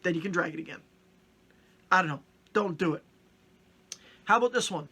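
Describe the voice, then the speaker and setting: A man's voice: high voice, lively intonation, brisk, bright, forceful tone, slightly rough. A middle-aged man from Canada hosting a casual comedic vlog, joking and acting out little mock-stern scenes. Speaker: vlogger host.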